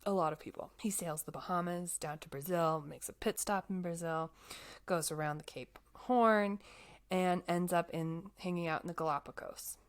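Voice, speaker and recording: A young woman telling a life story in a casual, animated chat, full of fillers. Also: on the low side, normal speed.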